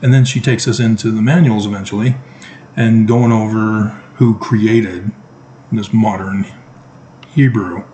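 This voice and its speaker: A man's voice: on the low side, steady tone, measured pace, warm tone, slight background noise, poor audio. A middle-aged man talking to camera in a casual monologue, emphatic and sarcastic, throwing out rhetorical questions. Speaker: vlogger.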